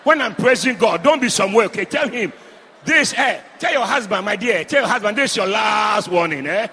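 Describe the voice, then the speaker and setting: A man preaching loudly in church, fervent and calling out to the congregation. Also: very high-pitched, lively intonation, fairly quick, slightly rough. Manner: loud, fervent, call-and-response. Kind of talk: shouted sermon. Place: church hall. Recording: long hall reverb.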